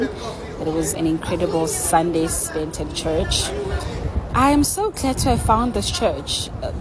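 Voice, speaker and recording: A woman's voice: fairly low pitch, noisy background. A South African woman with a South African accent, chatting enthusiastically to camera in a casual vlog. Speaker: vlogger.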